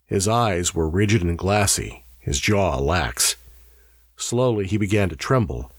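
A male narrator with a low, husky voice tells an audiobook story in a measured, expressive way. The recording is dry, with clean studio sound.

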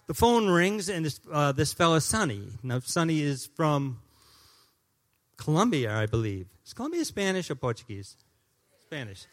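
A man in his fifties preaching a sermon in a church as a guest pastor, joking and swinging between loud declarations and hushed asides. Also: on the high side. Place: church sanctuary.

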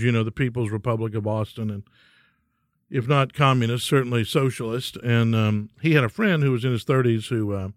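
A man's voice: mid-range voice, no echo, clean studio sound. A man hosting a podcast, telling stories in a folksy, rambling way with frequent ums. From Texas. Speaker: podcast host. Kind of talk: casual solo podcast storytelling.

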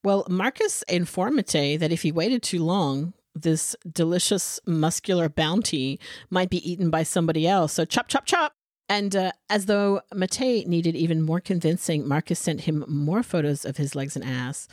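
A woman's voice: lowish voice, normal speed, darkish tone, dry recording, clean studio sound. A woman co-hosting a true crime podcast, sarcastic and swearing, acting out people's reactions as she tells the story. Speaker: podcast co-host.

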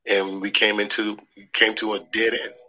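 A man speaking as a podcast guest in a studio, slow and measured, with pauses between phrases. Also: lowish voice, little pitch movement, sharp tone, rough recording. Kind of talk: conversation.

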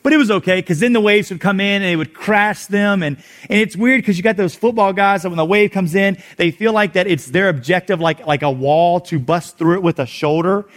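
A man, a youth pastor, telling a story in a sermon, animated and energetic, dropping low and quiet at tense moments. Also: a little fast.

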